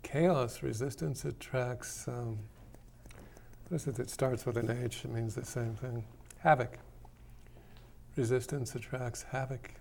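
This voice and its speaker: A man hosting a call-in talk show, his voice gravelly with a steady creak. He rambles through his ideas in a loose, playful way and likes to tease his listeners. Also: medium pitch, a little slow, pauses often, a little hiss or hum. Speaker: radio show host.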